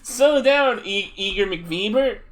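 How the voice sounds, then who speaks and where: A man's voice: sits high, expressive, slow pace, a little hiss or hum. A man playing a cautious young attorney. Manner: hesitant, worried. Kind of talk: reading a fan game aloud with voices.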